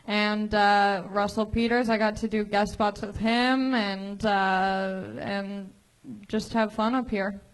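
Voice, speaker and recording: A woman's voice: mid-range voice, steady tone, takes it slowly, hardly any pauses, poor audio. A woman comedian chatting casually on a comedy club stage, giving brief, upbeat answers. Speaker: departing regular comedian.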